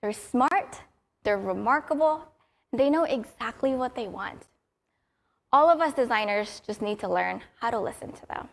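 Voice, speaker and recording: Young woman, conference speaker, upbeat storyteller, slightly higher voice. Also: expressive, normal speed, vocal fry. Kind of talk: prepared conference talk.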